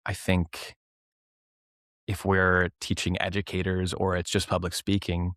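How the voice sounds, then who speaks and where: A man's voice: sits low, measured pace, no echo, clean studio sound. A young Canadian man, a clown and improv teacher, talking casually in an interview and acting out classroom voices. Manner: animated storyteller, acts out classroom voices.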